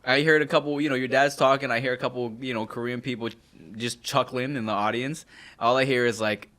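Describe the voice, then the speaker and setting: A man co-hosting a podcast in easy, relaxed chat. He talks in casual slang and backs up the other speaker with short murmurs of agreement. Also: mid-range voice, brisk. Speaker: podcast co-host.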